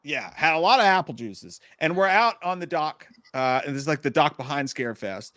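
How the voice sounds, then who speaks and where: A man co-hosting a casual livestream, telling stories with lively, loud bursts of impressions. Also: a little high, a little fast, no room sound. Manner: animated storytelling with loud shouted impressions. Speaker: podcast co-host.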